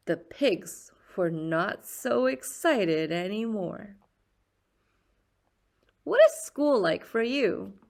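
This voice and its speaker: Slow, lively woman reading a picture book. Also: mid-range voice, gravelly. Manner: slow, expressive storyteller's voice. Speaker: children's book reader. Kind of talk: picture-book read-aloud.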